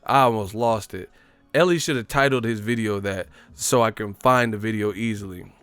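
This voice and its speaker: Man, casual boxing talk, animated storyteller, dry close sound. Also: mid-range voice, moderate pace, clean tone, no room sound. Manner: animated storytelling, acts out quotes, laughs often. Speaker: boxing commentary host.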